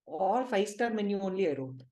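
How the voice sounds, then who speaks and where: Mellow-voiced Indian woman teaching. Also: medium pitch, brisk. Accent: Indian English. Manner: lively, emphatic storytelling with quoted dialogue. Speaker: spiritual healing group leader. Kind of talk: spiritual teaching talk.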